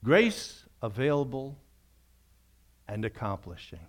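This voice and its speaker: A man preaching earnestly as a pastor, repeating key phrases for emphasis, then praying in a softer, slower voice. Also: mid-range voice, sing-song. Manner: softens to a quiet, slow prayer. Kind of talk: sermon closing in prayer.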